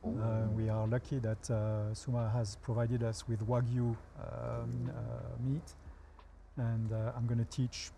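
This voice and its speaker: A man from France with a French accent, a guest chef in a TV talk show interview, explaining things in a relaxed way with dry humor. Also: mid-range voice, slow pace, vocal fry, a little hiss or hum.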